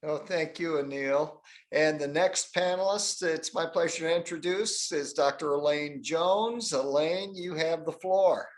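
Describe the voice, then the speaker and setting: A man's voice: fairly high pitch, unhurried. A man moderating a panel, giving brief, polite introductions to each speaker.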